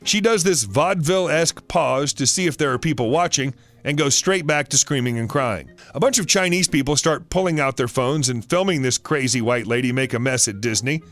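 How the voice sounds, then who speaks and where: A man's voice: medium pitch, a little fast, few pauses, fairly bright tone, faint music behind. A man reading an online story aloud in a wry, sarcastic storytelling manner. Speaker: story narrator.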